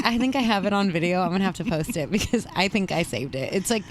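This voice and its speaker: A woman hosting a podcast in casual chat, laughing often and telling animated stories. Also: on the low side, fast, few pauses, a little hiss or hum. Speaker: podcast host.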